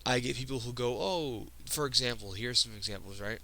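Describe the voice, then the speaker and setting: With a mid-range, fairly even voice that is bright and forceful, a teenage boy talks through a personal vlog on a low-quality recording. The video creator sounds earnest and emotional, halting and restarting again and again as he stumbles.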